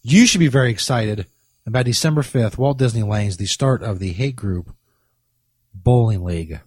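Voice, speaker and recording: Husky profane man boasting on a podcast. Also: lowish voice, normal speed, a little mellow, no echo. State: coming down with a cold. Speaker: comedy podcast host. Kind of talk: crude comic monologue.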